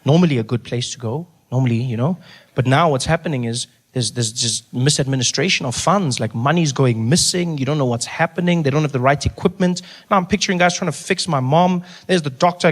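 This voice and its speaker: A South African man tells a stand-up story at a quick clip, his voice sitting fairly high. He is animated and acts out the people in the story, and it often jumps into high, shouting outbursts. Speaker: stand-up comedian. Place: comedy stage.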